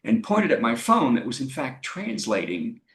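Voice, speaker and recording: A man hosts a comedy show over a video call, his pitch rising and falling as he spins a story. He speaks in a relaxed, late-night murmur and chuckles at his own jokes. The sound is roomy and echoey. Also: moderate pace. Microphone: video call mic. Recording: echoey room.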